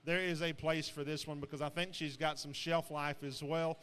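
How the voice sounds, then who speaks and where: Man, sale-barn commentator, higher voice, rambling folksy delivery, long hall echo. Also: level tone, normal speed, a bit bright, slight background noise. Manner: rambling, folksy, frequent fillers and restarts. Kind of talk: live auction commentary on show pigs.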